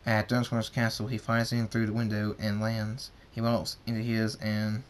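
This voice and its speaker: A man's voice: lowish voice, completely flat delivery, normal speed, a little hiss or hum. A man reading his fan fiction story aloud, in a plain narration with small restarts. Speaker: story reader.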